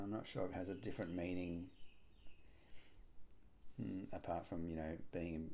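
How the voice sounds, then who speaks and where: A man solving a cryptic crossword aloud, musing and hesitant, with frequent pauses and fillers. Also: sits low, vocal fry, mellow. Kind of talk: thinking aloud while solving.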